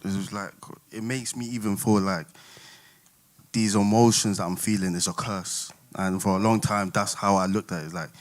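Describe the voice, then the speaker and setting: Man, London accent, low voice, candid panel guest, lots of "like". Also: steady tone, normal speed. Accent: London English. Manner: open, candid, fillers "like". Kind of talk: casual personal testimony.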